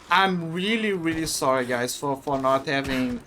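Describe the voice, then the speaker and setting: Bright-voiced streamer, stammering and repeating words. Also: medium pitch, normal speed, hardly any pauses, slight background noise. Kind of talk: casual live-stream chat while gaming.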